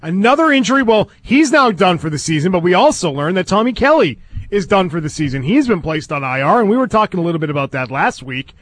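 A man's voice: high-pitched, sing-song, fast talker, a bit bright. Blunt man co-hosting sports radio. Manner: blunt, opinionated. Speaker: radio co-host. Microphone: studio microphone.

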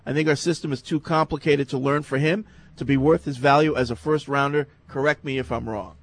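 A man co-hosts a casual sports talk show, reading listener emails aloud. His voice sits a little high. He lays out his opinions in a calm, measured way.

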